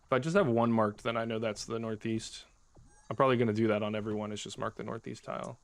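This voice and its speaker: A man's voice: lowish voice, fairly even intonation, fast. A man streaming a video game, chatting with viewers as he plays, now and then laughing in mock frustration. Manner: chatty, talks to chat, bursts of laughing frustration. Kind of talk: live gameplay commentary.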